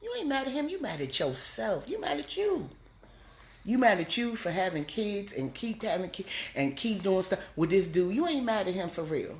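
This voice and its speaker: A woman comedian giving a blunt, scolding motivational talk, pushing her voice up high to drive points home. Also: big pitch swings, normal speed, hardly any pauses, echoey room. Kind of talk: preachy motivational monologue.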